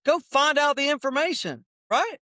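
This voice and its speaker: A man's voice: very high-pitched, animated, pushed and bright, no room sound, clean studio sound. A middle-aged man hosting a podcast, talking in a blunt, fired-up, preachy way. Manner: rapid-fire opinions. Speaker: podcast host. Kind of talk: casual motivational podcast talk.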